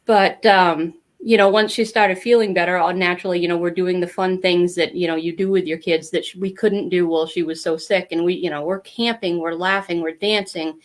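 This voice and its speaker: A woman's voice: lowish voice, fairly even intonation, a little fast, hardly any pauses. A middle-aged woman telling her family story as a podcast guest, candid and talkative, with many fillers. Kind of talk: casual interview storytelling.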